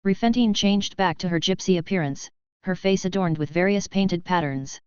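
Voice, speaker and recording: A woman narrates a fantasy audiobook in an even, steady way. Her voice is smooth and a little low. The recording is dry and dull, with a lo-fi edge. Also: normal speed, no room sound. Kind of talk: scripted narration.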